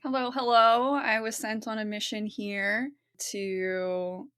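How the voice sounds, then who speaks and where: Female podcast guest, rambling and giggly, mid pitch, dry close-mic sound. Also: level tone, takes it slowly, fairly bright tone, clear, resonant tone, no echo. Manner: rambling, self-deprecating, giggly. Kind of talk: casual podcast chat.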